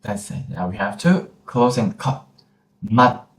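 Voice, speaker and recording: A man with a Korean accent teaching pronunciation in a gentle lesson, repeating each sound slowly. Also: lowish voice, very animated. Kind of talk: slow, patient pronunciation lesson. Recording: roomy echoey room.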